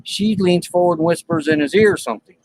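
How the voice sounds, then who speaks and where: A man with a high, brisk voice hosts a live stream from his RV, casually telling a story to the chat in plain, colloquial language. He's animated and acts out the story's dialogue. The recording quality is low.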